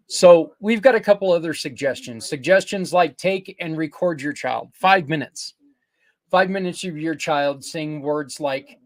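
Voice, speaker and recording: An older man hosting a podcast, talking earnestly and casually, rambling a little and correcting himself as he pitches a community program. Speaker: podcast host. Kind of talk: casual promotional talk.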